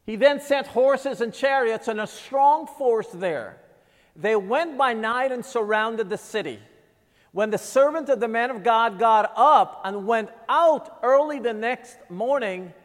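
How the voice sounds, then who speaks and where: A preacher with a high-pitched voice delivers his sermon slowly and emphatically, leaning on dramatic pauses. His words ring out with a long reverb, as if from a large church sanctuary. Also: lively intonation.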